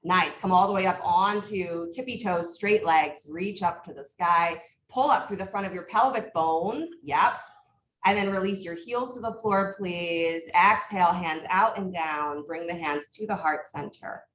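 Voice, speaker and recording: A woman leads a yoga class, calling out each pose and breath in short, brisk cues with steady praise. Her voice sits a little low and comes from some distance in an echoey studio, with a faint hum of room sound behind her. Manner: brisk cueing with frequent encouragement. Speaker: yoga teacher. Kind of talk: live yoga class instruction. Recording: echoey room, mic far off.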